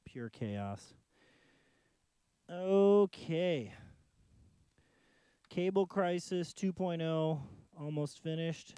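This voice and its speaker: A man's voice: on the high side, drawn-out words, long pauses, mellow, clear, resonant tone, dry recording. A man casually chatting to himself during a live music stream, rambling and joking while he troubleshoots his gear in a home studio.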